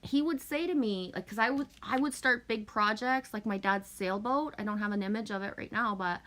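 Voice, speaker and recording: A woman's voice: medium pitch, normal speed, fairly bright tone. A woman hosting a casual livestream, rambling and emphatic as she vents to her viewers, swearing often. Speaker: livestream host. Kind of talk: casual venting to chat.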